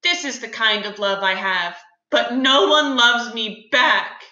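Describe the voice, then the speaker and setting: A woman's voice: on the high side, unhurried, sharp tone, dull audio. A woman reading aloud as a lovesick, melodramatic young man, sighing over his unhappy love. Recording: roomy echo.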